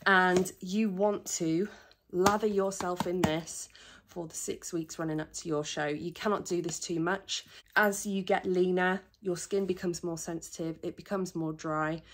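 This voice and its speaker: Chatty British woman, slightly low voice. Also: steady tone. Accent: British English. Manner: chatty, self-mocking asides, quick laughs. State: a little out of breath. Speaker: bodybuilding competitor and vlogger. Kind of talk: casual tips talk to camera.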